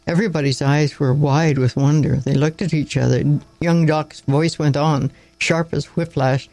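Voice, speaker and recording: A man reading a story aloud in a steady voice, with occasional slips and restarts. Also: on the high side, normal speed, hardly any pauses, no echo, low-quality recording. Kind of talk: storybook narration read aloud.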